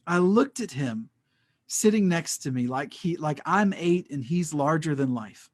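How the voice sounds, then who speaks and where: A man's voice: a little high, animated, unhurried. A man telling an earnest, emotional faith testimony as a podcast guest, often repeating his words. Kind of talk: personal faith testimony in conversation.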